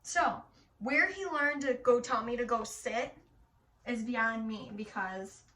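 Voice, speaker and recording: A young woman with a Michigan accent telling stories about her son in a casual, animated way, swearing now and then. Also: on the high side, takes it slowly. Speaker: mom vlogger. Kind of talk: casual storytelling while getting ready. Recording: echoey room from a distance.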